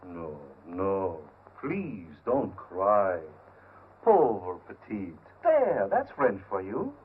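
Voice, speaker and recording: An ingratiating, smooth-talking shopkeeper, with a lowish voice that rises and falls a lot. The sound is a tinny 1930s film soundtrack with light hiss. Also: male voice. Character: ingratiating male shopkeeper with a French shop name.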